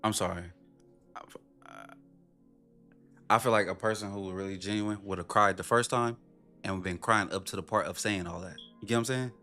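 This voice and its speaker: A man's voice: fairly even intonation, normal speed, pauses often, sharp tone, soft background music. Blunt, profane man reacting to clips. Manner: blunt, profane, incredulous, often mimics in a high voice. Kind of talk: casual reaction commentary.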